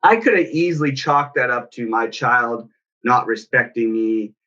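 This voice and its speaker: A man's voice: mid-range voice, normal speed, sharp tone, lo-fi sound. A man, a parenting coach, telling a personal story in an earnest, reflective way. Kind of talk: personal story in casual talk.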